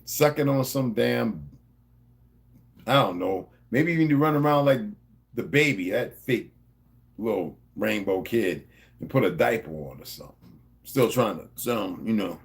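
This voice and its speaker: A man's voice: fairly low pitch, expressive, measured pace, vocal fry, long pauses, slightly rough. A middle-aged man with a New Jersey accent, talking to his subscribers in a rambling, profane, confrontational monologue. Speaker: vlogger.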